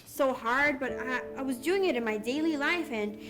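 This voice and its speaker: A young woman giving candid personal testimony in an earnest, halting way, full of restarts and fillers. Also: high-pitched, expressive. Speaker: interviewee sharing her story. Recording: music bed under the voice.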